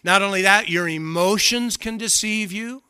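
A man's voice: high-pitched, normal speed, bright, forceful tone, clean tone. A male pastor preaching a sermon with emphatic delivery, often repeating words for stress.

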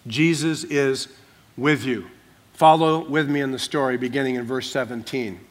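A man's voice: medium pitch, fairly even intonation. Man preaching with dramatic swells. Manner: dramatic, shifts between soft hushed asides and loud emphatic drawn-out declarations. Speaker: pastor. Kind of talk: sermon.

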